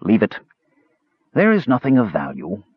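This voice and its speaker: Man doing a soft, cold, scornful mage. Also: lowish voice, huge pitch swings, moderate pace, breathy edge, no room sound, phone-quality sound, heavily acted. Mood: grave. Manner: soft, quiet, cool and dismissive. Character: soft-spoken frail male mage, cold and cutting. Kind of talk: audiobook character voice.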